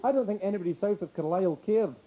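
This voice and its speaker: A man's voice: high-pitched, racing, mellow. A Scottish man doing stand-up in a comedy club, mock-indignant and bantering with the audience. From Scotland. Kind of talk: stand-up routine. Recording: noisy old VHS tape transfer.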